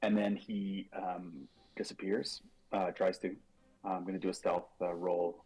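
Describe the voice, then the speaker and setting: A man playing a tabletop game, hesitant and halting. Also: deep voice, flat delivery, darkish tone, husky, no room sound, rough recording. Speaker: player.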